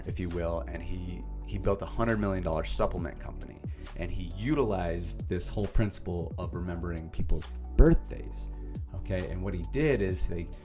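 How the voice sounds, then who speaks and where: In a casual, energetic vlog, a young man with a low voice sums up a self-help book straight to camera. His delivery is animated and emphatic, packed with fillers.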